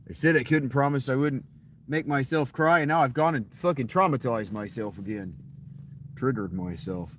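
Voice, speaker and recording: A man's voice: mid-range voice, normal speed, fairly bright tone, a little hiss or hum. A man chatting casually with his viewers in a boastful, crude, rambling way. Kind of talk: casual live chat with viewers.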